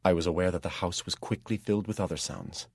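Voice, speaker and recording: A man with a very deep, slightly husky voice narrates a first-person fantasy story in steady, measured tones. The recording is dry and close, with no room sound. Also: no room sound. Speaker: audiobook narrator.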